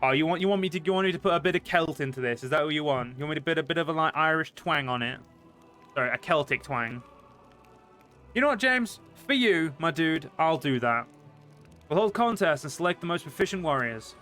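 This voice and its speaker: A man's voice: on the high side, expressive, fairly quick, bright, forceful tone, faint music behind. A man streaming a game, chatting casually and profanely to his viewers. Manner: casual and profane, talks to chat, stretches words.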